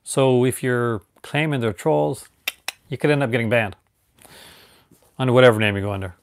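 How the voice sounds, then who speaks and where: A man's voice: medium pitch, normal speed, no room sound. A man from Newfoundland, Canada, chatting casually on a live stream and rambling through restarts and fillers.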